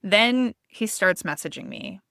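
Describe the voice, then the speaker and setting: A woman podcast host telling a personal story in a candid, expressive way, swearing freely. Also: medium pitch, measured pace, creaky, dry recording, clean studio sound.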